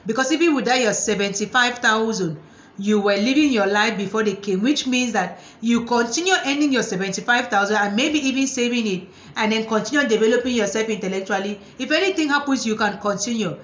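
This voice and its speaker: A lively woman therapist speaks in a fairly high voice, animated and mocking the controlling partners she describes. The room rings with echo, and the sound is a little dull. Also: brisk. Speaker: psychotherapist and motivational speaker. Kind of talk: talking to camera about relationships.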